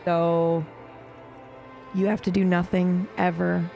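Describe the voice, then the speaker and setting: With a slow, level, slightly creaky and mellow mid-range voice, a streamer talks to viewers during a casual let's play, reacting and swearing offhandedly. Faint game music plays underneath.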